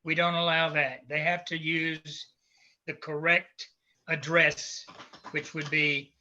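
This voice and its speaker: Southern US man, conference speaker, bright slightly raised voice, unhurried delivery, dull lo-fi recording. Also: a little high, level tone, slight background noise. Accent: South Carolina Southern. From South Carolina, United States. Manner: slow, deliberate, advisory, with fillers. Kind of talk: lecture to visiting teachers.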